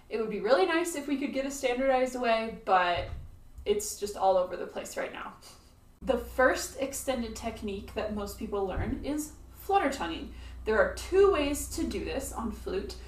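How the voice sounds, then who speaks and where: A woman flute teacher explaining playing techniques in a friendly, clear instructional video. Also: a little high, reverberant, far from the mic.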